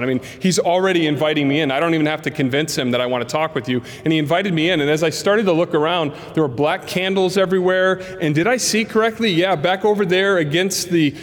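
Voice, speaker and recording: A man preaching a sermon in a church, telling stories and acting out the voices of people in them. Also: a little high. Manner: animated storyteller acting out dialogue. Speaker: pastor. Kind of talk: sermon storytelling. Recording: long reverb of a large hall.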